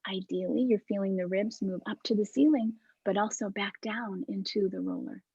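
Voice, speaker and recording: Woman teaching a movement class over video call: breathy, gentle, unhurried cues. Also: medium pitch, no echo, lo-fi sound. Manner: calm, soft-spoken cueing with breathy demonstrations.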